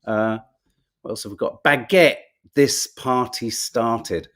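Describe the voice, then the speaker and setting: A British man hosting a podcast speaks slowly in a mid-range, fairly bright voice as he works through the day's papers. His commentary is chatty and drily sarcastic, full of musings spoken aloud.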